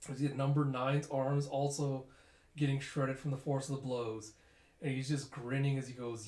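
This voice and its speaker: Male narrator, casual read-through with sound effects; mid pitch, roomy echo. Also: moderate pace. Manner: casual, animated, uses sound effects and fillers. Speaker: manga chapter reader.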